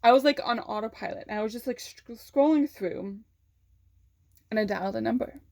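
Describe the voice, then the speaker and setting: A woman vlogger telling a personal story in a candid, halting way, swearing freely and holding back tears. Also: on the high side, gravelly, a little mellow.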